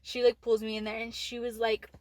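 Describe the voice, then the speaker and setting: A woman's voice: fairly high pitch, monotone, fairly quick. A teenage woman co-hosting a podcast, telling a candid story full of "like" fillers and swearing. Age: teens. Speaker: podcast co-host. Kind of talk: casual storytelling chat.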